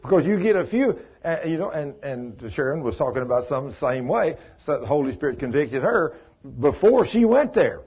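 Folksy husky man teaching. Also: fairly high pitch, very animated, normal speed. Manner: folksy, addresses listeners by name, asks them questions. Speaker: Bible study teacher. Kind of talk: informal Bible study teaching. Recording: dull lo-fi recording.

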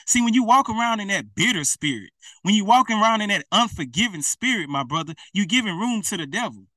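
Preacher, male, direct and repetitive, bright tone, sits back from the mic. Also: high voice, expressive, fast talker, hardly any pauses, no room sound, distant mic. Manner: colloquial, repetitive, direct address. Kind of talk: informal preaching to camera.

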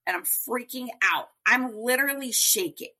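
A woman telling her story as a guest in a podcast interview, chatty and animated, with many fillers. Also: on the high side, normal speed.

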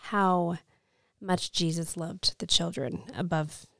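A woman's voice: on the low side, fairly even intonation, slow pace, gravelly, a bit bright, dry recording. A woman in her thirties co-hosting a faith podcast, telling a story earnestly and with emotion. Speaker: podcast co-host.

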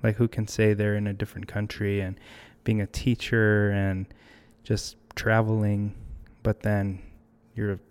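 A man's voice: fairly low pitch, little pitch movement, measured pace, few pauses, clean tone. A young man talking as a podcast guest, reflective and hesitant, often restarting his sentences. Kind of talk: casual conversational interview.

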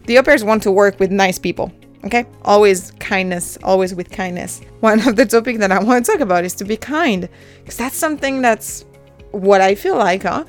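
A woman's voice: mid-range voice, moderate pace, soft background music. A woman in her thirties with a French accent, hosting her own podcast in a chatty, self-deprecating way and laughing often. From France. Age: 30s. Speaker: podcast host. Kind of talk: casual solo podcast monologue.

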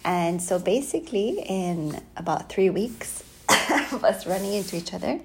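A woman's voice: mid-range voice, measured pace, gravelly, slight background noise. A woman in her thirties chatting casually on a podcast with her husband, laughing often and acting out quoted voices, recorded on a phone at home. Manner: giggly, animated storytelling with put-on quoted voices. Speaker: podcast co-host. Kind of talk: casual chat. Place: home in Hawaii.

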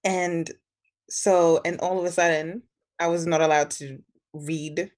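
A woman's voice: fairly low pitch, fairly even intonation, a little slow, darkish tone. A young woman, who came over from an Arabic-speaking country as a child, chatting bluntly and swearing as a podcast co-host. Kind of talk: casual chat.

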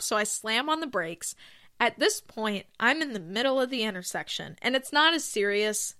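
A woman hosting her own podcast, rambling through casual stories with self-deprecating asides and bursts of excitement. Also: mid-range voice, a little slow. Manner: gushes with excitement. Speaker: podcast host. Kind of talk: casual solo podcast chat.

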